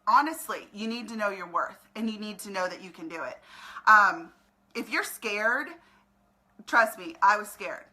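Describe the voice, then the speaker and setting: A woman's voice: medium pitch, normal speed, sharp tone, rough recording. A woman speaking straight to her camera, giving an earnest, emotional motivational pep talk while recruiting people to her team. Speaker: network marketing recruiter. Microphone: camera in front of her.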